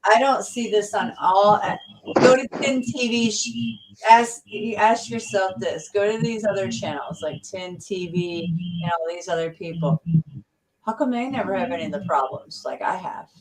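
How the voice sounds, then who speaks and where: A woman hosting a casual livestream chat, rambling with many halting restarts. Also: mid-range voice. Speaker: livestream host. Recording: distant mic with faint noise.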